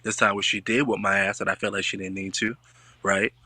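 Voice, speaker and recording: A man hosting a casual talk show, speaking in with an animated, joking delivery. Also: lowish voice, fairly quick, no echo. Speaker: podcast host. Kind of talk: casual chat.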